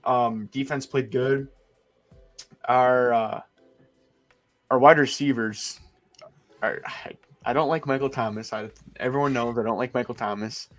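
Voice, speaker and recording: A man's voice: medium pitch, fairly even intonation, unhurried, long pauses, fairly bright tone, faint music behind. Blunt, cursing young man in sports banter. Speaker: podcast co-host. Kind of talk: casual sports chat.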